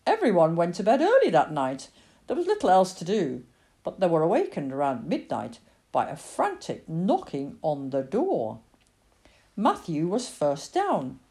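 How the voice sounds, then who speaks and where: A woman reading a story aloud as narrator, with expressive storytelling. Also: lowish voice. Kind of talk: audiobook reading.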